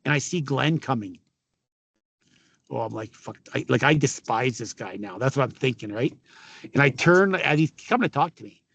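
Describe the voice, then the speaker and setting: A man's voice: medium pitch, expressive, normal speed, gravelly, a bit bright, a little hiss or hum. A man in his fifties with a Canadian accent, a former hockey player telling stories in a casual chat, often swearing, laughing and acting out what others said. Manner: swearing, laughing, acts out quotes. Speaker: podcast guest, former pro hockey player. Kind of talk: casual storytelling.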